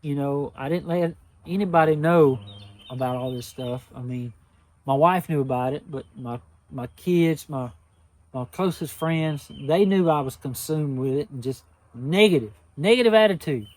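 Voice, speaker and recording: A man's voice: on the high side, moderate pace, a little mellow, no room sound. An older man, hosting a knife channel, talking to his viewers in a heartfelt, humble, emotional way and repeating himself often. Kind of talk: casual heartfelt talk to viewers.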